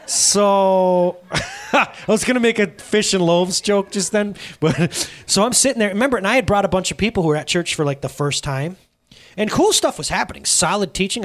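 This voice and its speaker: A man in his thirties, a pastor giving a lively sermon, acting out stories in quoted dialogue. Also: fairly high pitch. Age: 30s. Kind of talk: sermon with storytelling. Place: church sanctuary.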